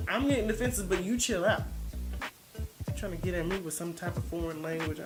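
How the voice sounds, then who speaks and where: A woman's voice: lowish voice, brisk, music in the background. A woman vlogger giving casual reaction commentary, blunt and defensive, rambling as she searches for words.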